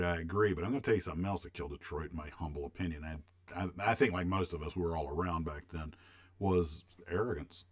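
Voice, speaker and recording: A man's voice: low-pitched, fast. An older man from the United States hosting a livestream, chatting casually and rambling as he reminisces and answers viewers' questions. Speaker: livestream host.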